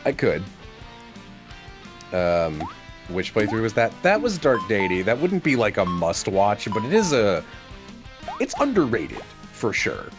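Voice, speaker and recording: A man co-hosting a livestream, chatting casually and telling animated stories with bursts of laughter. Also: lowish voice, unhurried, pauses often, music in the background. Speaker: livestream co-host. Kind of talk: casual stream chat.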